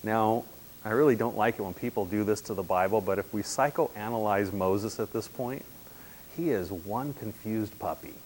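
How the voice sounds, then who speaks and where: Low-voiced man preaching with emphatic swings. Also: moderate pace, slight background noise. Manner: animated, emphatic, swings between loud and hushed. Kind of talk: sermon.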